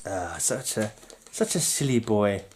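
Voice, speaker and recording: A man's voice: lowish voice, lively intonation, unhurried, a little mellow, slight background noise. A man casually chatting about comic books on his channel, rambling and jokey with frequent giggles. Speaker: comic book collector vlogger. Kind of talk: casual chat.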